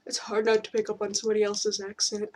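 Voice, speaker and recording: A woman's voice: medium pitch, completely flat delivery, fast talker. An American woman chats casually during a gaming session, giggly and rambling with plenty of ums. Faint background noise sits under her voice. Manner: giggly and chatty, many fillers. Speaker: gaming channel host. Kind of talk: casual chat while playing a game.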